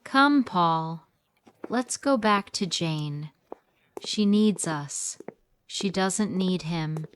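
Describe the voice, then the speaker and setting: A woman's voice: fairly low pitch, lively intonation, extremely slow, a little hiss or hum. A woman playing a hurt, reproachful mother. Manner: reproachful, pleading. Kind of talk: slow scripted story for learners.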